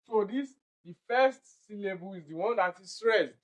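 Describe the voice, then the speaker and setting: A Nigerian man with a Nigerian English accent, tutoring exam candidates and explaining answers step by step, slowly repeating each word to drill its pronunciation. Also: high-pitched, animated, rough recording. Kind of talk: online exam-prep lesson.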